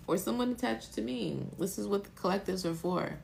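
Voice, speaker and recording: A woman's voice: mid-range voice, lively intonation, moderate pace, vocal fry, darkish tone, a little hiss or hum. A woman giving a live-stream tarot reading, talking emotionally and rambling, with casual swearing. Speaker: tarot reader.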